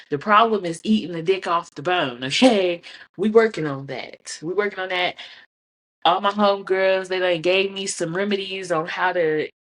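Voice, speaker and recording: A young woman talks frankly and bluntly to her listeners, laughing easily as she goes. Her voice sits on the low side for a woman. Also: a bit bright. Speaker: podcast host. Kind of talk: casual candid chat to camera.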